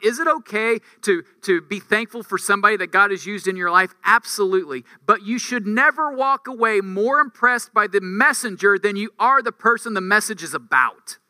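A male preacher with a high, keen voice and a sharp, bright edge, delivering a conversational sermon. He builds his points through rhetorical questions and climbs to emphatic peaks. The sound is dry and close, with no room echo. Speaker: campus ministry preacher.

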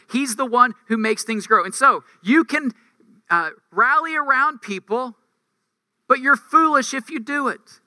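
A male preacher with a high, keen voice and a sharp, bright edge, delivering a conversational sermon. He builds his points through rhetorical questions and climbs to emphatic peaks. The sound is dry and close, with no room echo. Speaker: campus ministry preacher.

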